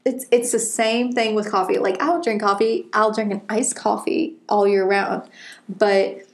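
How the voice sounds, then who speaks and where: A woman's voice: medium pitch, fairly even intonation, measured pace. Chatty young woman. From Southern United States. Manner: chatty, opinionated, laughs easily. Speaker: co-host. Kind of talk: casual chat.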